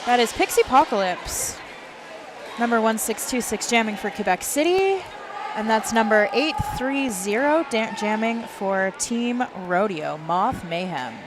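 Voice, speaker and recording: A woman announcing a roller derby bout live, briskly calling penalties, lead jammers and the player lineup. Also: on the high side, expressive. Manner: brisk, reels off player numbers and names. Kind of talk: live play-by-play commentary. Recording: noisy venue background.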